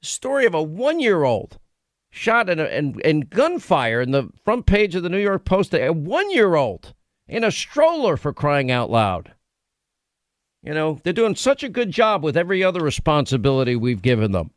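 A man's voice: a little high, big pitch swings, normal speed, no room sound, clean studio sound. A man hosting a talk radio show, ranting in a sarcastic, combative way.

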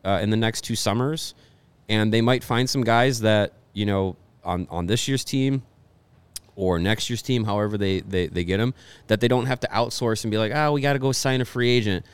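A man co-hosting a podcast, talking sports in a relaxed, rambling way with many restarts. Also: on the low side, clear, resonant tone, no room sound. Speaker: podcast co-host. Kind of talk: casual sports talk.

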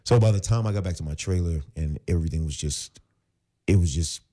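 A man's voice: deep voice, fairly quick. A man around forty, an actor and former pro football player, telling stories as a podcast guest and acting out both sides of the conversations. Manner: animated storyteller who acts out both sides of conversations. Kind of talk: casual storytelling interview.

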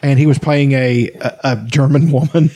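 A man's voice: mid-range voice, fairly even intonation, normal speed, warm tone. A man hosting a podcast, chatting casually in a profane, rambling way and laughing often. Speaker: podcast host. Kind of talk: casual chat.

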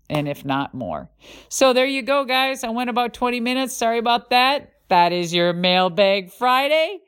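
A middle-aged woman hosting a podcast, telling a racing story in a lively, profane way with vocal sound effects. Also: fairly low pitch, clear, resonant tone. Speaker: podcast host and former monster truck driver.

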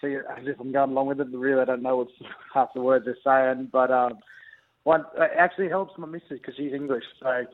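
A young Australian man, a rugby league player, chatting easygoingly in a phone interview, halting with many ums and restarts. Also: medium pitch, fairly even intonation. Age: young adult. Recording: tinny phone line.

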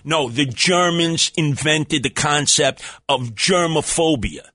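A middle-aged man hosting a call-in radio show, telling stories in a brash, swaggering way with loud outbursts. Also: fairly high pitch, slow pace, no room sound, studio quality. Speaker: radio talk show host. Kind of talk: animated storytelling call-in radio.

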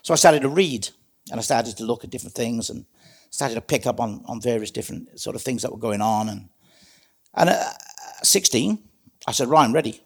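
A man's voice: mid-range voice, lively intonation, a little fast, slightly rough. A middle-aged man with a Welsh accent, a guest in an interview, earnestly telling his life story with frequent restarts. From South Wales. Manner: earnest, frank, self-interrupting. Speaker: guest, community safety advisor. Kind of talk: reflective storytelling in conversation.

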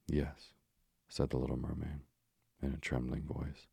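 A man narrating a fairy tale in a slow, measured reading. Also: a bass voice, little pitch movement, creaky, mellow, breathy edge, no echo.

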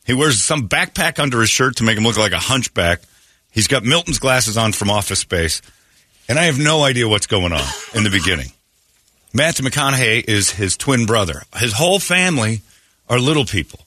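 A man's voice: mid-range voice, normal speed, no echo, studio quality. A man hosting a morning radio show, telling a story in casual banter with frequent laughs. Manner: animated storytelling, laughing often. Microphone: studio mic.

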